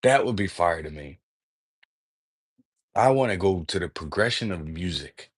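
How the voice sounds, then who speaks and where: A man hosting a livestream, talking in a rambling, excitable way, full of slang and swearing, often breaking off mid-word. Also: low-pitched, a little slow, slightly rough. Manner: excitable, profane, slangy, peppers speech with "bro"; jumps between thoughts, trails off mid-word. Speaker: livestream host. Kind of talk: casual rambling livestream talk.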